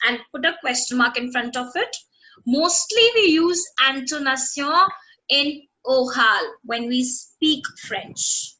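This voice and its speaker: Bright, high-voiced woman teaching French. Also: rough recording. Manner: explains slowly and repeats example sentences; checks often that students follow. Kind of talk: online language lesson.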